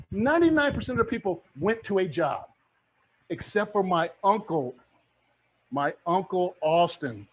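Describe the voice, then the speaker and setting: Middle-aged male mentor, high husky voice, fiery motivational pitch, muffled lo-fi recording. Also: expressive, moderate pace, a little hiss or hum. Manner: fired-up, preachy, repeats phrases. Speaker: guest speaker, real estate mentor. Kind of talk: motivational talk. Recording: dull lo-fi sound.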